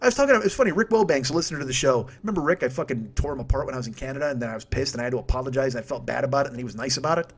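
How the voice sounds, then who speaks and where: A man's voice: mid-range voice, very fast, few pauses, breathy edge. A man hosting a comedy podcast from home, ranting in a rambling, profane, self-mocking way. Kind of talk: comic rant monologue.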